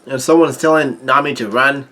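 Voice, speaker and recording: A man casually recapping a manga chapter, halting often with restarts and self-corrections. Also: medium pitch, pushed and bright. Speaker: manga reaction host.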